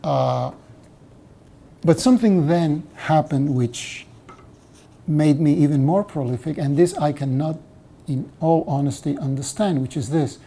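A man's voice: fairly high pitch, unhurried, vocal fry, dark tone. A man in his sixties with a Cuban Spanish accent, Spanish being his native language, telling his life story in an interview with wry humor and repeated phrases for emphasis. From Cuba.

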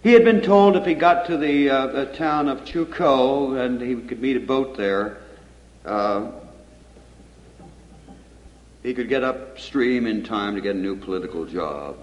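Rambling poet in an echoey hall. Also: male voice, mid-range voice, normal speed, dull audio. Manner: rambling, joking, digressive, stumbling restarts. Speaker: poet giving a reading. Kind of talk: live poetry reading with asides.

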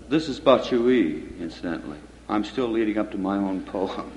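A man's voice: lowish voice, very animated, normal speed, few pauses, darkish tone, echoey room, in a large hall, highs cut off, slight background noise. A man giving a poetry reading with joking, rambling asides and stumbling restarts.

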